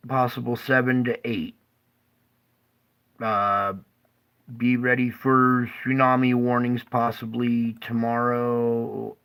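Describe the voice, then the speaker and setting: Over a map, a middle-aged man who forecasts earthquakes talks through the activity in a relaxed, drawling way, often dissolving into laughter. His voice is medium-pitched and a little bright, captured on a low-quality recording.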